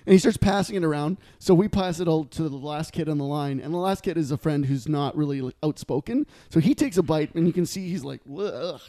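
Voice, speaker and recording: A man telling a funny story in casual chat, animated and laughing, acting out quotes. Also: on the high side, quick pace, few pauses. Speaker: podcast guest.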